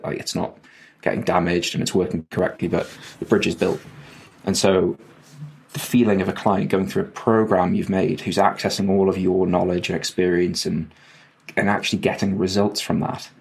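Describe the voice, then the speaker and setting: A man's voice: deep voice, creaky. A man co-hosting a podcast, chatting casually in a rambling, self-interrupting and jokey way. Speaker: podcast co-host. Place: at home during rain, remote call.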